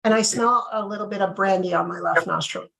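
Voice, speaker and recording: A woman's voice: mid-range voice, a little fast, gravelly, crowd noise, low-quality recording. Chatty woman presenting a wine tasting. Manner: chatty, checks in with okay often. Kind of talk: casual live tasting demo.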